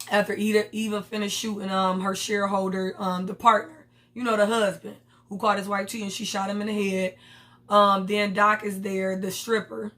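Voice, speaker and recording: A woman's voice: mid-range voice, bright, forceful tone. A woman reviewing a TV episode in a casual vlog, candid and slangy with blunt opinions. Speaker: TV show reviewer.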